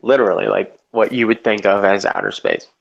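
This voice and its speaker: A man tells a long, meandering story in a relaxed chat, swearing freely and leaning on filler words as he goes. His voice sits fairly low. The audio is dull and lo-fi, like a home stream. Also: fairly quick, creaky, slightly rough. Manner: rambling, profane, filler-heavy storytelling. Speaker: storyteller in a live debate chat. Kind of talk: casual chat.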